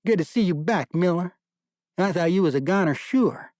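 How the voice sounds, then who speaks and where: Gruff southern-drawl major yelling at the ranks, pitched up high, man putting it on. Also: lively intonation, moderate pace, no room sound, clean studio sound. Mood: joshing. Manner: hollering orders, rough folksy dialect. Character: gruff middle-aged male army major, commanding.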